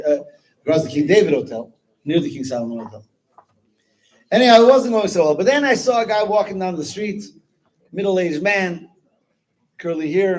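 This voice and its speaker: Animated rabbi telling a story. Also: male voice, fairly high pitch, poor audio. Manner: animated, drops Hebrew words into English speech. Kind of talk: storytelling at a Chassidic gathering.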